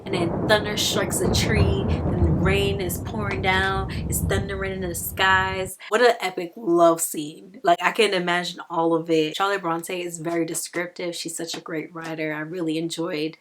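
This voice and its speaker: A woman's voice: fairly low pitch, flat delivery, normal speed, hardly any pauses, a little hiss or hum. A young woman casually reviewing and retelling a novel, chatty and peppered with "like", acting out the characters' lines. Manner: chatty, peppered with "like", acts out quotes. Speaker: book reviewer.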